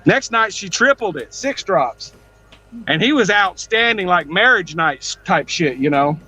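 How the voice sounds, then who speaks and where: Man, joke-teller in a group call: crude punchlines, self-mocking, high voice. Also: expressive, unhurried, bright, forceful tone, slightly rough, soft background music, poor audio. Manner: self-deprecating, telling crude jokes. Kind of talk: casual group chat.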